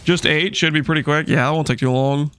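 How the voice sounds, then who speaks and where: A man's voice: fairly high pitch, steady tone, a little fast, fairly bright tone, clean tone. A man streaming a game, joking and chatting with his viewers while he plays. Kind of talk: casual live-stream chat while gaming.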